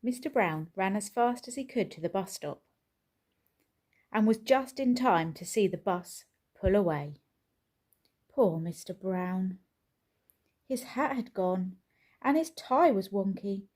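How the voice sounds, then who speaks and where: With a mid-range voice, a woman reads from a children's picture book in an unhurried, expressive storytelling style.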